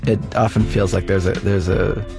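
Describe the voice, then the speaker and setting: A man's voice: low-pitched, steady tone, normal speed, creaky, music in the background. A man telling a confessional personal story, hesitant and earnest, stumbling over his words.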